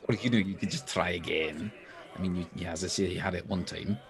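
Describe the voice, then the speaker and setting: A man's voice: low-pitched, a little fast, a crowd in the background. A man playing a tabletop role-playing game in character, playful and chatty with many asides. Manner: playful, lots of asides and restarts.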